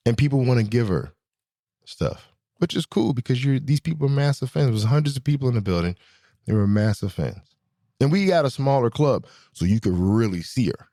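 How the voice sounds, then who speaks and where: A man hosting his own show, telling stories in a slangy, animated way, swinging between excited high bits and low asides. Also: a little fast. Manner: slangy, swearing, self-correcting. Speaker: podcast host. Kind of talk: casual storytelling monologue.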